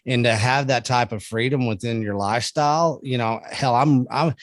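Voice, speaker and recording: A man's voice: medium pitch, normal speed, no echo. A middle-aged man talking earnestly in casual conversation, often ending his points with "man". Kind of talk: casual chat.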